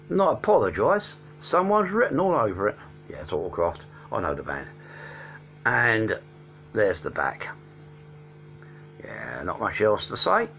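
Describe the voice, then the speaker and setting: Rambling man reviewing records, lively pitch. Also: vocal fry. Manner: rambling, lots of ums and restarts, enthusiastic. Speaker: album reviewer. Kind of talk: casual unscripted album review. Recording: dull lo-fi sound with faint hum.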